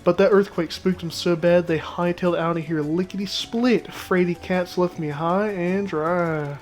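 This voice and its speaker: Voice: medium pitch, steady tone, darkish tone, lightly acted. A gamer voicing a sarcastic, overworked village head farmer with folksy sayings. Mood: sassy. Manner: sarcastic, quick folksy drawl.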